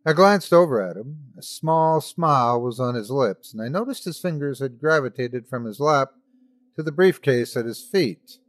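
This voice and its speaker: A man's voice: mid-range voice, expressive, normal speed, no room sound. A man hosting a podcast, giving theatrical, dramatic narration of horror stories. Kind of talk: scripted horror story narration.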